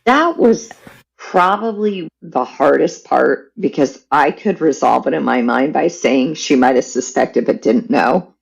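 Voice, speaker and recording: A woman guest on a podcast, telling a personal family story in a candid, animated way. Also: low voice, unhurried, vocal fry, slightly rough, highs cut off.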